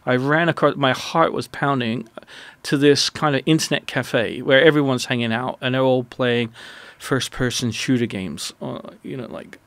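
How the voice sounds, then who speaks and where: Man with a gravelly voice telling a story. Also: mid-range voice, moderate pace, dry recording. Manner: rambling, animated storytelling with many restarts. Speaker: interview guest, missionary. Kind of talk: personal storytelling in a radio interview.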